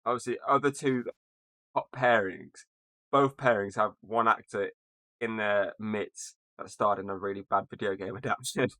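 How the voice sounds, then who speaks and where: A man's voice: fairly low pitch, fairly even intonation, normal speed, pushed and bright, dry recording. A young man hosting a casual movie review podcast, swearing freely and laughing often. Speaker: podcast host.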